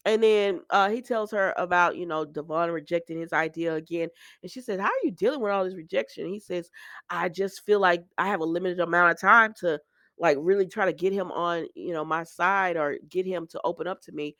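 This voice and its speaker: A woman's voice: fairly low pitch, fairly even intonation, fairly quick, fairly bright tone, dry recording, studio quality. A woman giving a casual, chatty recap, acting out quoted dialogue with her own asides. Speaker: soap opera recap host.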